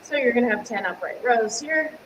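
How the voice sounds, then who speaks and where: On the high side and expressive, this young woman talks briskly while coaching a workout over a home live stream. She's upbeat and chatty, laughs frequently and addresses viewers by name; her camera mic adds a little hiss or hum.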